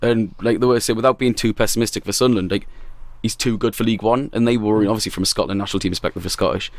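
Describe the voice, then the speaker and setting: A man's voice: fairly low pitch, steady tone, no room sound. A man co-hosting a casual football podcast in a studio, blunt and sweary. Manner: quick, blunt, sweary banter. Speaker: podcast co-host.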